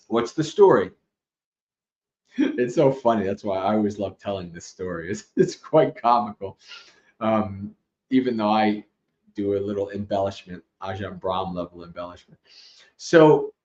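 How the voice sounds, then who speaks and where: Animated male Dhamma teacher telling a story. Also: mid-range voice. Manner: animated storyteller, laughs often, loose asides. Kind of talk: livestream Dhamma talk with storytelling. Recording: roomy, slightly dull livestream audio.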